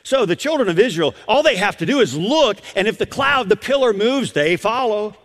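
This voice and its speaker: A man delivers a sermon in a high, lively voice. His delivery is animated and story-driven, with frequent restarts mid-phrase, and his voice carries the long reverb of a large hall. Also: moderate pace. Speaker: preacher.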